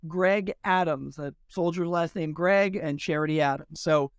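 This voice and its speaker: A male historian telling lively anecdotes in an interview, acting out quoted dialogue as he goes. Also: on the high side, unhurried, clean tone, no echo, studio quality. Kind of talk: storytelling in an interview.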